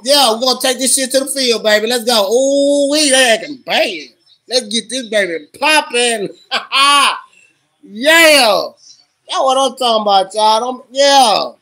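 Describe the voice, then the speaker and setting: A man livestreaming his reactions to a football game, loud and profane, cheering on and scolding his team. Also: very high voice. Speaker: livestream host.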